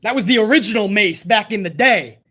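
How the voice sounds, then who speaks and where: A man talking on a live stream in a loose, casual way, swearing often and thanking viewers by name. His banter is relaxed and conversational, speaking straight to his audience. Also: sits high, brisk, breathy edge. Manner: profane, laid-back banter, reading viewer messages.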